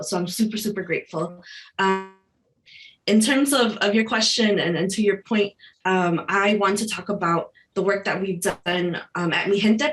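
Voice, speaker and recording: A woman from Chicago, a national organizer, speaking earnestly on a video-call panel, with many restarts. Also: medium pitch. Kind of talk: panel discussion talk.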